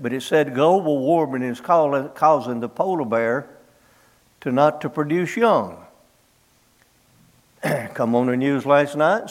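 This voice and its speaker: Folksy preacher man, higher voice. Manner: folksy storytelling, acts out biblical dialogue. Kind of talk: sermon.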